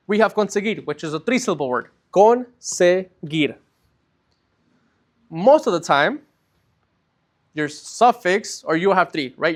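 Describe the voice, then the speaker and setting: A man's voice: a little high, fairly bright tone. Man teaching a lesson in a raised voice. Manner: patient step-by-step explaining, often checks in with "right?". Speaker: Spanish teacher. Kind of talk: recorded classroom lesson.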